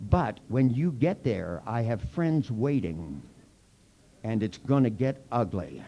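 A man's voice: mid-range voice, vocal fry, dark tone, highs cut off. A man leading a live workshop, teaching in a playful, teasing way full of mock threats. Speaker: workshop leader.

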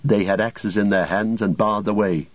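A man giving scripted audiobook narration in a measured storytelling manner. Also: fairly low pitch, fairly even intonation, dry recording. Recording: dull lo-fi recording.

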